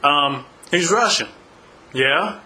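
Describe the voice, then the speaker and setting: Casual co-host: man, bright forceful voice, a little higher than most, laughs through his stories. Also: animated, slow pace, rough recording. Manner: laughs often while telling stories. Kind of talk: casual chat, storytelling.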